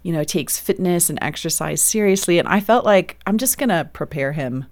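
A woman's voice: fairly low pitch, lively intonation, normal speed, dry recording. Middle-aged woman author, dry close sound. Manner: warm storytelling, frequent laughs. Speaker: author guest. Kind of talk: radio interview.

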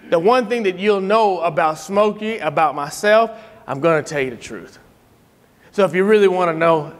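A middle-aged man telling stories in a sermon style, animated, acting out quotes and laughing often. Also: sits high, long reverb tail. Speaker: speaker giving a tribute.

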